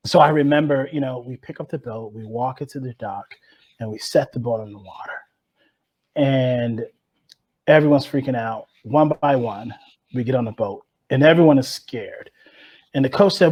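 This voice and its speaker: A man from Chicago's West Side tells a personal story as a podcast guest. His voice sits fairly high for a man. He talks with lively energy and acts out what people said. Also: dull audio. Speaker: guest, rower and author.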